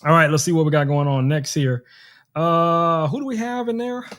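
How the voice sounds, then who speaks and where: Animated, joking man hosting a tech stream. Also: a little high, normal speed. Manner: animated and joking, talks straight to viewers. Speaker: tech livestream host. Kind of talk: casual live stream product demo.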